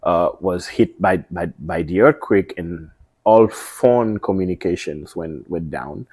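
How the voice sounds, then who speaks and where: A man's voice: sits low, unhurried, darkish tone, husky, dry recording, clean studio sound. A man with a Haitian accent, a media host telling his story in a casual interview, hesitant with many ums.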